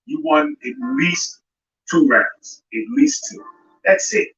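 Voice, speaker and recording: A man hosting a live boxing show rants confrontationally, addressing a fighter directly. His very high voice swoops wildly in pitch, he takes his time, and the tone is fairly bright. The audio is roomy, distant, and dull, with music in the background.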